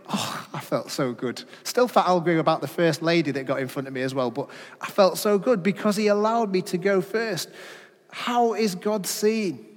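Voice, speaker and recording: A middle-aged man preaching a sermon, asking rhetorical questions, telling personal stories, and dropping to a hush at key points. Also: fairly high pitch. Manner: rhetorical questions, personal anecdotes, dramatic drops in volume. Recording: long reverb of a hall.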